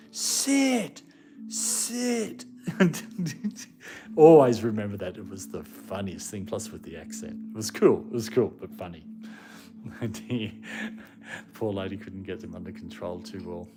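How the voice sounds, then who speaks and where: Male streamer, casual rambling chat, low-pitched, music bed audible. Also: normal speed. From Australia. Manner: rambling and chatty, breaks off to scold his dogs. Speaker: live streamer. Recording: music playing in the background.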